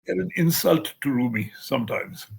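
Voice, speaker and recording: Older man, very gravelly, husky, anecdotal storyteller. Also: mid-range voice, animated, moderate pace, darkish tone. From India. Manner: anecdotal, acts out quoted dialogue. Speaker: guest writer. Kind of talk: interview storytelling.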